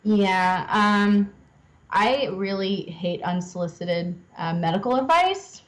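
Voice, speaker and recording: Young woman guest, chatty and self-deprecating, quick to laugh. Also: medium pitch, expressive, poor audio. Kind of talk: casual interview chat.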